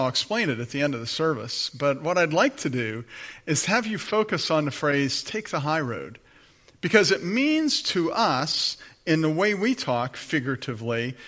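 A man's voice: on the high side, pushed and bright. A middle-aged male pastor preaching a sermon in an earnest, conversational way, with frequent fillers.

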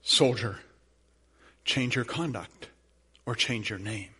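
A man's voice: medium pitch, slow pace, pushed and bright, breathy edge, heavily acted. A man voicing a stern ancient warrior king who bellows commands as he retells a story in a sermon.

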